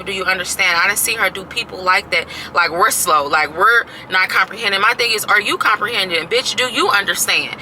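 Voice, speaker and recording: A woman's voice: medium pitch, bright, forceful tone, slight background noise, poor audio. A woman in her thirties casually venting to her camera, exasperated and emphatic, repeating herself and swearing freely. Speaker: vlogger.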